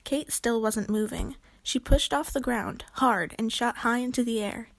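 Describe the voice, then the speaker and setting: A woman reads a children's book aloud with clear, expressive storytelling. Her voice sits fairly high. The recording is dry and close. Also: measured pace, no echo. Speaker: narrator.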